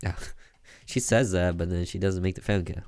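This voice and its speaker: Wry, low-voiced man doing game commentary. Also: steady tone, normal speed, a little mellow, no echo. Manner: wry, joking asides. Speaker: gaming YouTuber. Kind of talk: let's play commentary.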